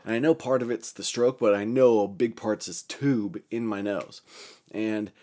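A man's voice: fairly low pitch, steady tone, moderate pace, warm tone. A young man telling a story in a casual, rambling way, swearing a lot, often breaking off mid-sentence and laughing at his own account while recovering from a stroke.

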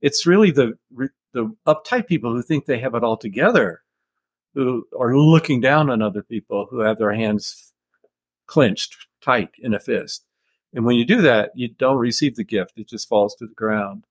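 An older American man, an author answering interview questions in a measured, thoughtful storytelling way with soft chuckles. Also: mid-range voice, expressive, slightly rough, no echo.

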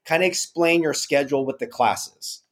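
A man's voice: on the high side, normal speed, fairly bright tone. Man hosting a casual interview. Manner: conversational, asks long multi-part questions. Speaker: podcast host. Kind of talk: interviewing a guest.

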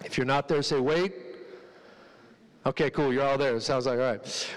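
A man's voice: medium pitch, fairly even intonation, normal speed, pauses often, big-room sound, low-quality recording. A male pastor preaching a casual sermon, joking with the congregation and acting out quoted voices.

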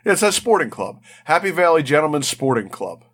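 A man's voice: a little high, big pitch swings, fairly quick, a bit bright, breathy edge. A man co-hosting a podcast in casual chat, cracking jokes and laughing often. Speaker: podcast co-host.

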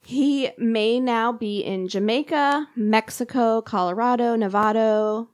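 A woman's voice: a little high, measured pace, darkish tone, no room sound, clean studio sound. Casual woman telling a crime story. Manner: conversational, lots of "like" and fillers. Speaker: podcast host telling a true crime story.

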